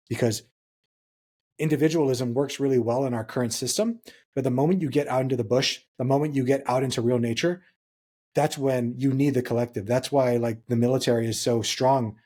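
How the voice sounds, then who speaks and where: Fast-talking, husky-voiced young man. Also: mid-range voice, warm tone. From Hawaii. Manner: earnest storytelling, reflective. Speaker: podcast co-host. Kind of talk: casual podcast chat.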